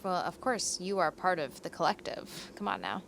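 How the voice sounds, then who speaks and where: A woman's voice: fairly low pitch, sing-song, normal speed, vocal fry, a bit bright, slight background noise. A woman co-hosting a podcast in casual chat, giggly and swearing casually. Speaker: podcast co-host.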